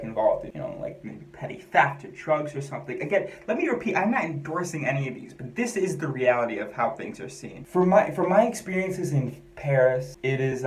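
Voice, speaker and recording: Candid American man musing aloud, average pitch, reverberant room sound. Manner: rambling, self-questioning, candid. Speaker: vlogger. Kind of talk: personal monologue. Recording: echoey room.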